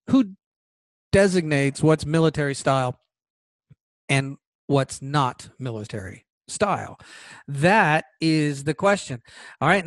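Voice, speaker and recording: A man's voice: fairly high pitch, dry recording. A man hosting a political commentary podcast, reading legal text aloud and reacting with emphatic indignation. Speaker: podcast host.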